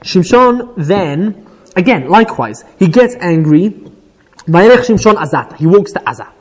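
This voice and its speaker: In a high-pitched voice and at a moderate pace, a man retells a Bible story to an informal class with real animation. Hebrew verses get quoted and then paraphrased, and "right?" comes up frequently as he checks in.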